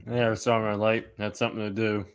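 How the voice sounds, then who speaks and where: A man joining a casual chat as a guest, laid-back and unhurried as he recalls things. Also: fairly low pitch, little pitch movement, clean tone. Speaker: podcast guest.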